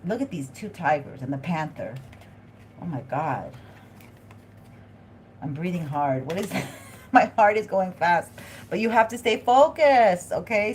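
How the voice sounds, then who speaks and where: A woman with a fairly low voice hosts a live tarot reading. She talks straight to her viewers and thinks aloud in a chatty, excitable way. A faint hiss of noise sits behind her. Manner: addresses viewers directly. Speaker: tarot reader hosting a live stream.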